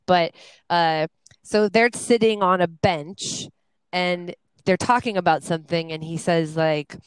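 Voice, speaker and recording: A woman's voice: on the low side, measured pace, smooth, dry recording, poor audio. A woman co-hosting a casual chat, rambling and laughing often, with a slightly nasal voice. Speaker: podcast co-host.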